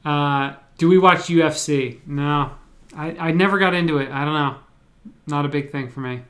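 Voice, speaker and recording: A man's voice: on the high side, normal speed, a bit bright. Laid-back New man. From New Jersey, USA. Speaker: livestream host. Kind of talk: casual livestream chat, reading viewer comments.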